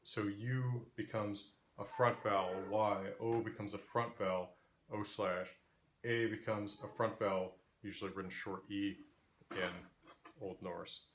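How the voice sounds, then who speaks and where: Lower-voiced Interior West American lecturer. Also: male voice, steady tone, slight background noise. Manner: measured, demonstrates vowel sounds aloud. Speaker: linguistics teacher. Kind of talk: explanatory lecture.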